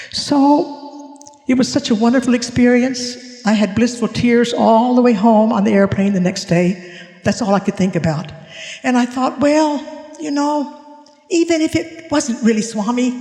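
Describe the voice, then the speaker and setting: A man's voice: sits high, a little mellow. A man giving a spiritual talk at a conference, telling a personal story and acting out the dialogue with animation. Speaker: conference speaker. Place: conference hall. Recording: echoey hall reverb.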